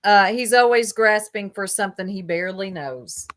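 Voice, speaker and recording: A woman's voice: mid-range voice, moderate pace, a bit bright. A woman giving sarcastic reaction commentary on a clip, mocking it with asides to her viewers. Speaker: commentary streamer.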